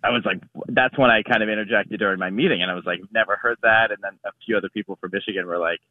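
Deep-voiced man calling in on a phone line. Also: steady tone, very fast, no echo. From Ohio, US. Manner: storytelling with quoted dialogue. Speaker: caller. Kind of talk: telling a story on the phone.

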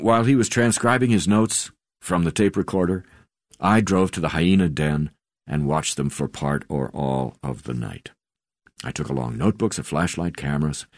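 A man with a strikingly low, deep voice narrates a memoir in a measured, unhurried reading, often sinking to a near-hush at the ends of phrases. The sound is close and dry, with no room around it. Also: no room sound. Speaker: audiobook narrator.

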